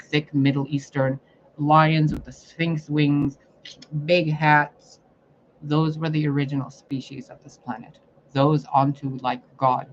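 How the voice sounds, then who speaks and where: A man delivering a profane, confrontational spiritual rant as a psychic reader. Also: mid-range voice. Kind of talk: ranting spiritual monologue. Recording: muffled lo-fi recording, faint noise.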